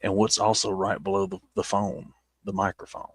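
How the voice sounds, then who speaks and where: A man's voice: low-pitched, level tone, moderate pace, a bit bright, no echo. A man with a Southern accent chatting casually as he looks back on his old videos, rambling and poking fun at himself. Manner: rambling and self-mocking, with many restarts. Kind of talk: casual chat.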